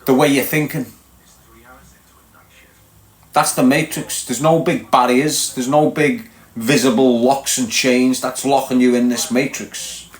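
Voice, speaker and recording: Recorded in an echoey room, a livestream host from Liverpool gives his live audience a blunt, casual rant, lecturing and asking again and again whether they follow. His medium-pitched voice barely moves in pitch, and he speaks unhurriedly with many pauses.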